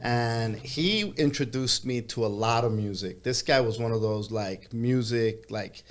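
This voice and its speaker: A man's voice: medium pitch, a little slow. A man as a podcast guest, telling a long story in casual chat with many hesitations. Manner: meandering storytelling with frequent hesitations.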